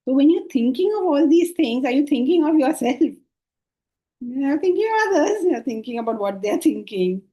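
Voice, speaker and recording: A middle-aged woman teaching spiritual philosophy to a class, lively and often questioning her listeners. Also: high voice, normal speed, low-quality recording. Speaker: Vedanta teacher. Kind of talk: spiritual lecture.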